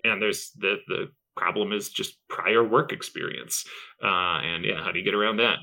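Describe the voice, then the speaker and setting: A man's voice: fairly low pitch, moderate pace, vocal fry, pushed and bright, poor audio. A man who leads a game studio, talking enthusiastically as a podcast guest. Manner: enthusiastic, upbeat, talks with energy. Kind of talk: casual interview chat.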